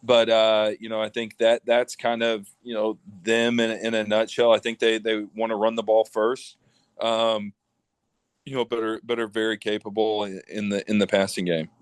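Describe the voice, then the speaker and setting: A man who coaches high school football, answering radio interview questions in a halting way with many fillers and restarts. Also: flat delivery, smooth, dry recording. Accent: American Midwestern.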